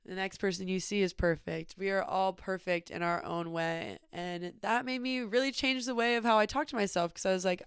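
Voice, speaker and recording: A woman's voice: medium pitch, a little fast, hardly any pauses, clean tone, no echo, clean studio sound. A young woman telling a personal travel story in a casual, chatty way, full of fillers. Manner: chatty, many "like" fillers, animated retelling. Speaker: podcast host.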